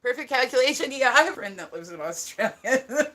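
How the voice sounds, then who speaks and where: Chatty New Jersey woman, bright voice. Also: a little high, lively intonation, moderate pace. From United States. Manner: chatty, rambling, laughs often, swears casually. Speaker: live streamer. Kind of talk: casual livestream chat. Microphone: phone.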